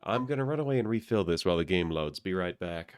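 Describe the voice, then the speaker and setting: A man streaming a game and chatting casually, sounding sleepy and low on energy as he rambles to his viewers. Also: expressive, fast talker, clean tone. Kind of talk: casual live-stream chat.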